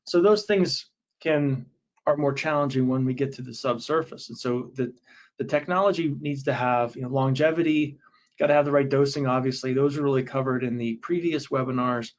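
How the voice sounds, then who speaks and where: A man's voice: mid-range voice, moderate pace. Man presenting a technical webinar, lo-fi. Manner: casual, explanatory, many fillers and restarts. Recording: dull, lo-fi audio.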